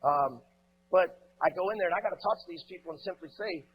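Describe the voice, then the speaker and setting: A man's voice: high voice, fairly quick. A man in his forties giving a blunt, profane motivational speech on stage, telling stories with asides. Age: 40s. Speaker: keynote speaker. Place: conference room stage. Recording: muffled, faint hum.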